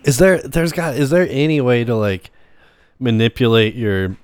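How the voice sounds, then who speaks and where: A man's voice: mid-range voice, expressive, normal speed, darkish tone, clean tone, no echo, studio quality. A man co-hosting a podcast, rambling through ideas in casual chat and laughing often. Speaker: podcast co-host.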